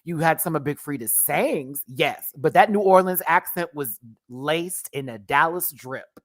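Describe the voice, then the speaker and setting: A man's voice: a little high, measured pace. A man casually reviewing a drag show on a livestream, sassy and slangy, laughing often and playfully exaggerating.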